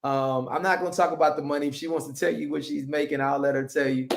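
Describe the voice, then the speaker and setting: A man hosting a live stream, hyped and upbeat, introducing guests in an excited chatty way. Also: a little high, quick pace, gravelly, noisy background. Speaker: host. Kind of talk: excited livestream chat.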